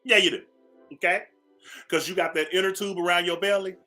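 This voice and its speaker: A man's voice: high voice, fairly even intonation, fairly quick, bright, forceful tone, faint music behind. A man hosting a morning radio show, ranting sassily at listeners and repeating phrases for emphasis. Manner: sassy, preachy, calls listeners "baby". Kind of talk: talk radio rant.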